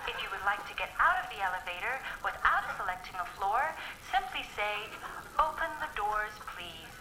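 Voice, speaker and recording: A woman with an American accent voicing an automated elevator, calm and politely measured. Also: mid-range voice. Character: polite, unflappable female voice of an elevator machine. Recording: clip played in a roomy hall over loud noise.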